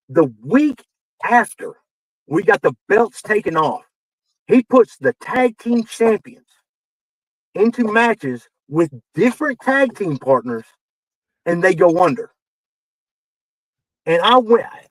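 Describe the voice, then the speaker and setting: Man, podcast guest, animated storytelling, heated, swears, higher voice, dry sound. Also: slow pace, long pauses, no room sound, poor audio. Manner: animated, acts out quoted dialogue, gets heated and swears. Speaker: podcast guest, wrestling veteran. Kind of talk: casual storytelling.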